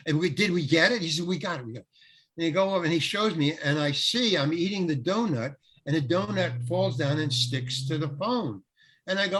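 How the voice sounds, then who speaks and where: An older man, a guest actor, telling a lively anecdote in an interview, acting out the quotes and laughing often. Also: a little high, brisk, husky. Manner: animated storyteller, acts out quotes, laughs often. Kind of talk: storytelling in an interview.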